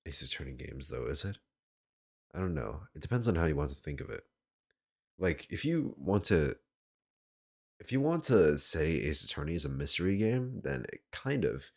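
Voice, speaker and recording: A man's voice: a bass voice, gravelly, a little mellow. A man casually commenting while streaming a game, rambling and thinking aloud.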